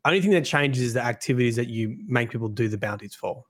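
A man's voice: mid-range voice, quick pace, fairly bright tone. Laid-back guy on a gaming podcast, mid voice, restarts his sentences. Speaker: podcast co-host. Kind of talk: casual gaming podcast chat.

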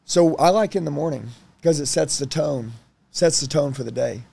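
A man in his thirties telling personal stories in a casual interview, blunt and animated, swearing freely. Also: a little high, moderate pace, creaky, breathy edge. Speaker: guest.

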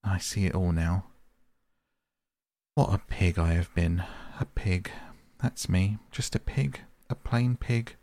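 A man doing Ratty, hearty brisk water rat. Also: low voice, darkish tone, no room sound. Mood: gloomy self-reproach. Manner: hearty, cheerful, commanding.

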